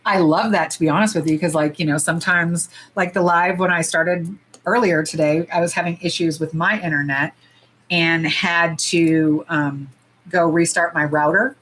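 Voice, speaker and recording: A woman's voice: lowish voice, normal speed, poor audio. Blunt, foul-mouthed woman host chatting. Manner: blunt, profane and animated, jumping to loud squeals. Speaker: nail polish livestream host. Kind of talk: casual livestream chat while swatching.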